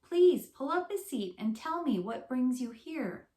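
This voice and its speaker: A woman voicing a friendly, chatty female skunk with an eager, squeaky way of talking. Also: sing-song, a little slow, mellow. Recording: roomy echo.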